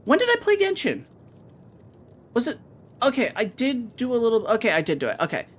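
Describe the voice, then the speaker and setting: A woman streaming a game, chatting casually with her viewers in an excitable, talkative way and swearing now and then. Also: on the high side, fairly quick, breathy edge.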